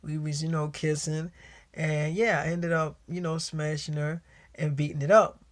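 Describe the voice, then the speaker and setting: A man's voice: fairly high pitch, little pitch movement, normal speed. A man telling a personal story in a casual, slangy way, full of profanity and quoted back-and-forth dialogue.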